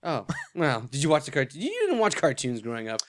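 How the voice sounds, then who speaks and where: A man's voice: medium pitch, huge pitch swings, brisk. A man co-hosting a casual movie podcast, joking around and laughing often. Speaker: podcast co-host.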